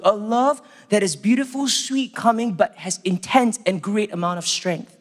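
A man's voice: sits high, moderate pace, hardly any pauses. A young man with a Singaporean English accent preaching a sermon in an earnest, emphatic, storytelling way. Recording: echoey church hall reverb.

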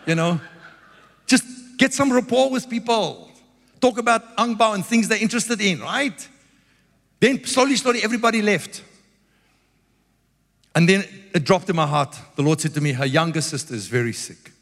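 A man preaching a sermon, telling stories with lively quoted dialogue. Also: high-pitched, normal speed, pauses often. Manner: animated storytelling with quoted dialogue. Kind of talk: sermon with storytelling. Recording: long hall reverb.

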